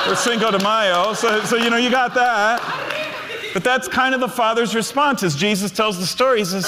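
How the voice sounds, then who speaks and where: A man's voice: high voice, sing-song, a little slow, pushed and bright, big-room sound. A middle-aged man, a Lutheran pastor, preaching a storytelling sermon that builds to fervent emphasis. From United States.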